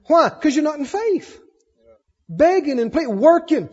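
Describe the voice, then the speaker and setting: A man preaching a sermon, animated, swinging between loud emphasis and soft asides. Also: extremely high pitch, normal speed, big-room sound, dull audio.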